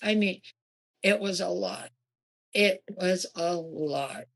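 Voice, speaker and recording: A woman, probably in her forties, casually recounting her experiences in a haunted house, animated and lively when she quotes other people. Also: slow pace, gravelly. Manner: animated, jumping in pitch for quoted voices. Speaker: guest. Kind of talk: casual storytelling.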